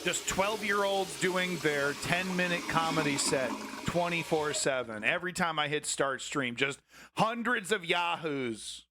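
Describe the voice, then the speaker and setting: A man's voice: fairly high pitch, a little slow, few pauses, noisy background. A man hosting a live news stream, chatting casually, laughing and rambling. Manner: laughing, rambling, self-mocking.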